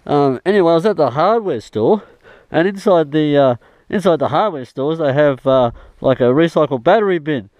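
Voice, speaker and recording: A man's voice: fairly high pitch, lively intonation, normal speed, a little mellow, no room sound. An Australian man vlogging outdoors in the bush, rambling and swearing mildly as he chats. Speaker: travel vlogger. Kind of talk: casual self-filmed chat.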